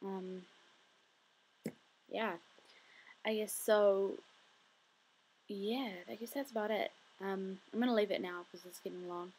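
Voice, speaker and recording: A woman's voice: medium pitch, fairly even intonation, slow pace, long pauses, darkish tone, husky. A tired young woman telling a story in a chatty, rambling way with many fillers. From New Zealand. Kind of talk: casual storytelling vlog.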